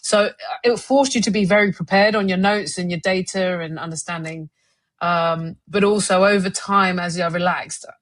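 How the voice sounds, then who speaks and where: A woman's voice: lowish voice, moderate pace, no room sound. A woman with a South London accent, a guest on a podcast, telling stories casually, laughing easily and slipping into voices. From South London, England. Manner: lively storyteller, laughs easily, does voices in anecdotes. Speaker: guest, former cricketer and broadcaster.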